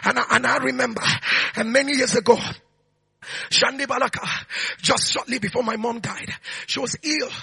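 A man preaching a sermon who often shouts declarations and switches to soft storytelling. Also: very high-pitched, fairly even intonation, moderate pace, vocal fry, pauses often, slightly rough, dry recording. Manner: soft storytelling while recounting a memory.

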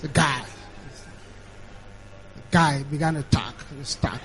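A man's voice: fairly high pitch, measured pace, a bit bright, slight background noise, rough recording. A middle-aged man, preaching an emphatic sermon that is full of repetition and mimicked voices.

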